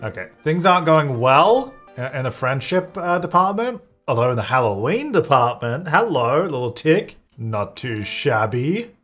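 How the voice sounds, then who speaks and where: A man's voice: medium pitch, big pitch swings, normal speed, hardly any pauses, fairly bright tone, soft background music. A young man chatting while playing a life-sim game, laughing often and slipping into brief silly voices for the characters. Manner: chatty, laughs often, jumps between playful put-on voices. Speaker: gaming video creator.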